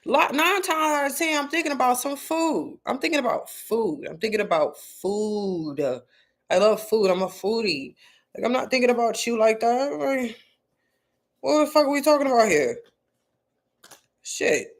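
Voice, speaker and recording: A woman's voice: on the high side, expressive, normal speed. A woman talking casually to her viewers about spirituality, blunt and profane, full of slang and repeating herself for emphasis. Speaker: spiritual content creator. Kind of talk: casual livestream talk to viewers.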